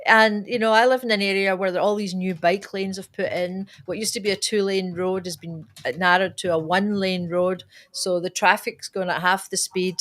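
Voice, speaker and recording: A woman's voice: mid-range voice, fairly even intonation, moderate pace, few pauses, a bit bright. A woman co-hosting a political talk show, asking questions in a conversational way. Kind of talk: casual political chat.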